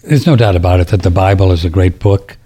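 Middle-aged male radio host, low husky voice, rambling and riled up, restarts a lot. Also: fast, dark tone. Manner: rambling, indignant, restarts sentences. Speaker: radio talk show host. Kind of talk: casual talk radio monologue.

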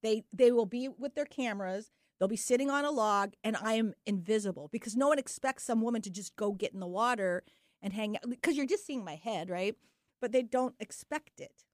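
A woman hosts a radio talk show with an eager, laughing delivery. Her voice sits a bit high for a woman and sounds dry and close to the mic. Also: a little fast, dry recording. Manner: enthusiastic, breaks into laughter. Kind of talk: casual radio chat.

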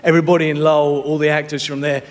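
British man's halting speech in a hall. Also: on the high side, little pitch movement. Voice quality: halting, full of "uh" fillers. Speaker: award winner. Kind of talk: acceptance speech. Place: large awards hall. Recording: reverberant hall with crowd.

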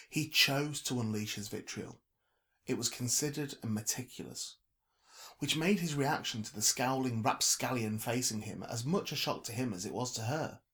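Man, audiobook narration, measured, even, mid-pitched.

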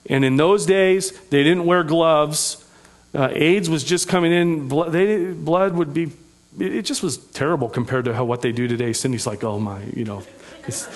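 A man with a fairly high voice delivers a sermon from the pulpit. He preaches earnestly but conversationally, slipping in folksy asides and light humor. He sounds middle-aged. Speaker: pastor.

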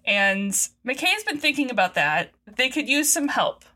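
A woman co-hosting a podcast, recapping a TV episode in animated, quick casual chat. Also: high-pitched. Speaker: podcast co-host.

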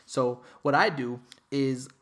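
A young man from Texas, a podcast host telling a casual story with lots of profanity, acting out quoted lines loudly. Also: mid-range voice, takes it slowly.

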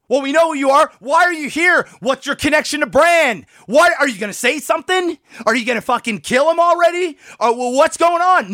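A high-voiced man with a bright, forceful tone, worked up and ranting. He swears constantly and keeps breaking into exasperated shouts as a podcast co-host. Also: expressive, measured pace, no echo, studio quality. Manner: profane, exasperated, shouting rants. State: worked up and sweating. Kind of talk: heated ranting review.

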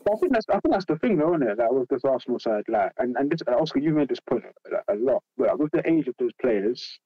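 A man's voice: mid-range voice, very animated, fast, slightly rough, dry recording. Laid-back man on a dull call line. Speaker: guest on a call. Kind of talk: casual chat on a call.

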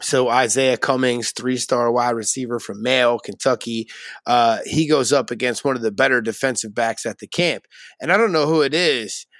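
A man's voice: mid-range voice, moderate pace, a bit bright, no room sound, studio quality. A man co-hosting a casual podcast, playful and teasing, laughing often. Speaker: podcast co-host. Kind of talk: casual chat.

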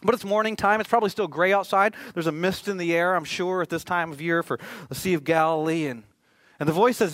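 A man's voice: on the high side, fairly even intonation, brisk, fairly bright tone, no room sound. A male pastor preaching a sermon in a conversational way, with joking asides.

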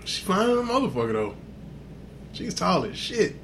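Animated, profane storytelling man. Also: high voice, moderate pace, slight background noise. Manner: animated, profane, laughs through his stories. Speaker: podcast host. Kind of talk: casual storytelling chat.

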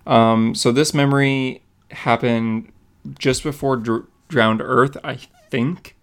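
A young man co-hosting a casual comic book podcast, recapping a story with quick acted-out quotes. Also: medium pitch, fairly even intonation, clean tone. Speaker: podcast co-host.

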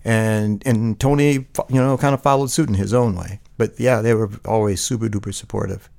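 A man's voice: on the low side, fairly even intonation, a little fast, creaky, darkish tone. A middle-aged man, a guest in a casual interview, talking in a rambling way full of fillers and restarts.

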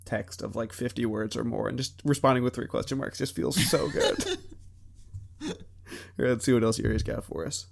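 A man's voice: mid-range voice, big pitch swings, moderate pace, vocal fry. A young man in his twenties co-hosting a podcast, chatting casually and rambling with frequent laughs. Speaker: podcast co-host. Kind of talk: casual chat.

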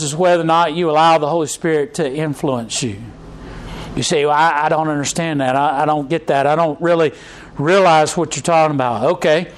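A man preaches a sermon. He talks to the congregation like he is chatting, restarting his sentences often and filling pauses with "uh.". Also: a little high, slight background noise, low-quality recording. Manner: conversational preaching with frequent restarts and fillers. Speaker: pastor.

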